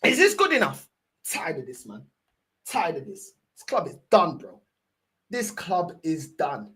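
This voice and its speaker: A woman's voice: deep voice, wildly swooping pitch, unhurried, fairly bright tone, slightly rough. Furious sweary woman. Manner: angry, sweary, scornful ranting. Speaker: football fan streamer. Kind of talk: ranting fan reaction stream.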